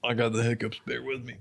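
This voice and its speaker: Casting: male co-host, mid pitch, wry one-liners. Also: vocal fry, breathy edge. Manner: dry quips. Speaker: podcast co-host. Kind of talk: casual chat.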